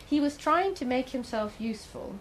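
A woman's voice: sits high, animated, normal speed, a little hiss or hum, rough recording. Woman telling a story in a talk. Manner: conversational, asks the audience questions. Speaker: speaker giving a talk. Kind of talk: storytelling lecture.

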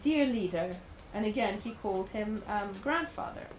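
A woman's voice: medium pitch, lively intonation, moderate pace, slight background noise, rough recording. Woman telling a story in a talk. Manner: conversational, asks the audience questions. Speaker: speaker giving a talk. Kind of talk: storytelling lecture.

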